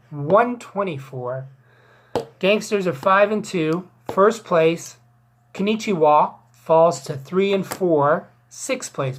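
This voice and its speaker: A woman hosting a fantasy football league recap, rambling and joking with crude asides and plenty of fillers. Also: on the low side. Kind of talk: casual joking sports recap.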